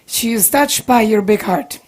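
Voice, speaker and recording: A woman's voice: fairly high pitch, unhurried. A woman moderating and interpreting, emotional and apologetic, rambling as she rephrases a question.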